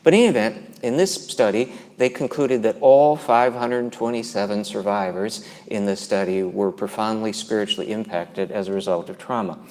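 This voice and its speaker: A man earnestly presents a conference talk about abuse and faith, relaying in their own words what the survivors he interviewed told him. His lowish, darkish voice moves at a moderate pace with few pauses, heard through long hall reverb.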